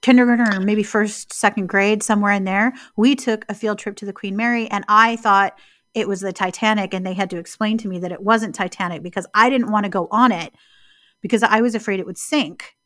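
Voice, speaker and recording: A woman co-hosting a casual podcast, talking in a reflective, storytelling way and slowing down on key words. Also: medium pitch, fairly even intonation, fairly bright tone, no room sound, studio quality. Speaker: podcast co-host.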